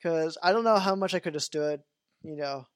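A man with a fairly high voice hosts a casual podcast, and he rambles loosely with lots of fillers. The sound is dry and close, with almost no room echo. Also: moderate pace. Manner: rambling, full of "you know" and "like" fillers. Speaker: podcast host. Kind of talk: casual chat about a video game.

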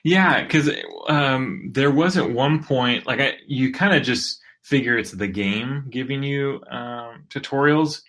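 A man's voice: medium pitch, takes it slowly, few pauses, fairly bright tone. A man co-hosting a podcast, chatting casually in a laid-back, hesitant way with short agreeing replies. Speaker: podcast co-host. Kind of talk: casual chat about a video game.

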